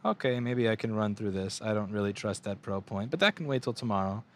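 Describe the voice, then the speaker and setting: A man's voice: fairly low pitch, brisk, a little hiss or hum. A man in his twenties from the United States, ranting profanely and rambling while working at a repair bench. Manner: profane, rambling, animated rants with mocking put-on voices. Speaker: repair shop owner streaming bench work. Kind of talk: casual ranting livestream.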